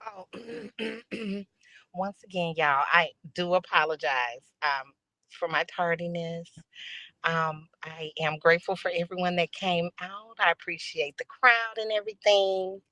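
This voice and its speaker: Low-voiced woman co-host, dry sound. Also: unhurried, pushed and bright, no room sound. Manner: polite, apologetic. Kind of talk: live-stream outro.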